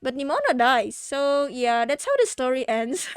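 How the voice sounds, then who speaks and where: Young female reaction vlogger, high smooth voice, rambling and heartfelt, drops curses, dry close sound. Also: animated, slow pace, no room sound. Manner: rambling and heartfelt, full of "like" and "you know"; swears and laughs while talking. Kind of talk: casual movie commentary.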